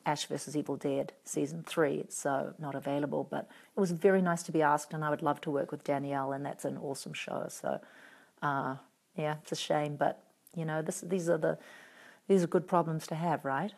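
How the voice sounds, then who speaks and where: Low gravelly woman, wry and chatty. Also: fairly even intonation, normal speed, darkish tone. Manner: chatty, wry and playfully teasing. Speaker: actress answering fan questions. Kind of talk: casual live video Q&A reading out comments.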